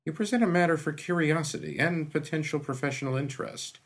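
Lightly acted, this man's take on a pompous middle-aged doctor is dry and unruffled, precise, wordy and drawling. He speaks fast, a little high, pitching above his own natural voice.

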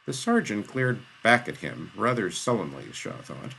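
A man narrating a fantasy story in a measured, dramatic reading. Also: on the low side, sing-song, vocal fry, a bit bright, slight background noise, poor audio. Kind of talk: audiobook narration.

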